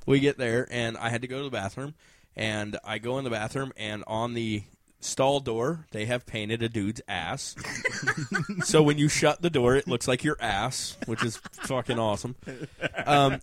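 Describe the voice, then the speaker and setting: A man's voice: mid-range voice, moderate pace. A man telling a casual story, often laughing and acting out what other people said.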